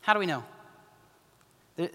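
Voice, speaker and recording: A man preaching a sermon, impassioned and urgent, then dropping to hushed pleading. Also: normal speed. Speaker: pastor. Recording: long hall reverb.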